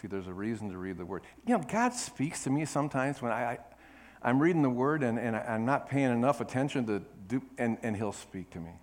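A middle-aged man preaching a sermon with emphasis, moving between loud declarations and quiet asides and calling on the congregation to answer. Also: medium pitch, animated, a little fast. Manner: calls for congregation response. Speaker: pastor.

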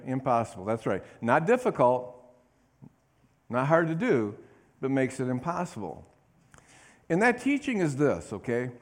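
A male pastor preaching a sermon, reading scripture with emphasis and drawing call-and-response amens from the congregation. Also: fairly high pitch. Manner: reads scripture aloud with emphasis.

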